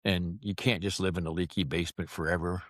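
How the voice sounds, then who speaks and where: A man's voice: deep voice, steady tone, fast, no room sound, clean studio sound. A man in his sixties telling stories to camera with wry, folksy, self-mocking humor. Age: 60s. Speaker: vlogger. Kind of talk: casual storytelling to camera.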